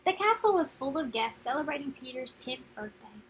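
A young woman reading a children's picture book aloud, friendly and expressive. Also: high-pitched, fairly quick, husky, low-quality recording. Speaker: read-aloud narrator.

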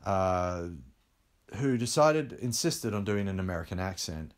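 A man's voice: sits low, lively intonation, unhurried. A man speaking as a film director in an interview, telling candid stories with frequent fillers. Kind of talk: conversational interview.

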